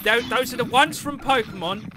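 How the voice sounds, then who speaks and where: A young British man streaming a game live, joking with his chat and reacting loudly to what happens on screen. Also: very high-pitched, normal speed.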